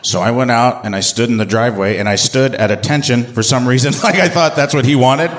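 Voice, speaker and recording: A man telling a personal story to an audience in an animated, comic, self-mocking way. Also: mid-range voice, fairly quick, slight background noise.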